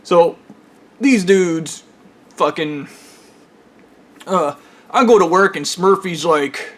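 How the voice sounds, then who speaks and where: A man's voice: sits high, slow, long pauses, fairly bright tone. Rambling, profane man with a raised voice. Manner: profane, rambling, full of fillers and restarts. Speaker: storyteller recounting his own experiences. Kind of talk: rambling casual storytime monologue.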